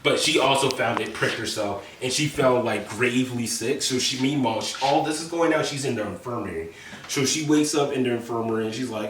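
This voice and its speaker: A man's voice: medium pitch, fairly quick, fairly bright tone, a little hiss or hum. A young man casually recapping a story to friends, rambling with lots of fillers and swearing. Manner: rambling, filler-heavy, profane. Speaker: presenter. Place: indoor room with friends. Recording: echoey room mic from a distance.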